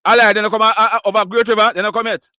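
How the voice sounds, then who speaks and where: A man's voice: high voice, flat delivery, racing, bright, forceful tone, no room sound, studio quality. A Jamaican man hosting a live call-in news show, chatting in a mix of patois and English and laughing often. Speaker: live news show host taking callers. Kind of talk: casual call-in chat.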